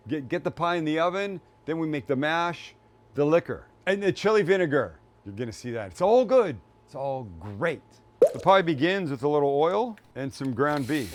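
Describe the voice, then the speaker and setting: A man's voice: on the high side, a little hiss or hum. A middle-aged man hosting a cooking show, talking casually and upbeat while he cooks, with jokes along the way. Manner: chatty, upbeat, jokey.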